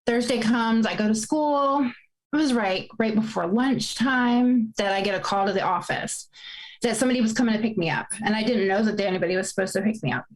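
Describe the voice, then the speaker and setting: 40s woman telling a painful story, voice a bit high, close to crying. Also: brisk, low-quality recording. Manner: emotional, fighting back tears. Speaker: guest. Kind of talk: personal storytelling.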